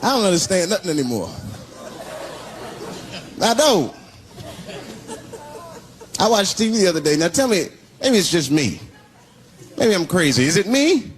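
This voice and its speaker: A man's voice: sits high, sing-song, unhurried, pauses often, a little hiss or hum. A man doing a stand-up set in a club, telling stories animatedly and acting out characters with big swings in his voice. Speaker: stand-up comedian. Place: comedy club stage. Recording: live club set with loud crowd laughter.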